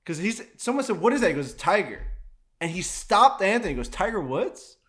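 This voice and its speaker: Swearing, animated male podcast co-host. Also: high voice, a little fast. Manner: animated storyteller, swears freely. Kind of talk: casual chat.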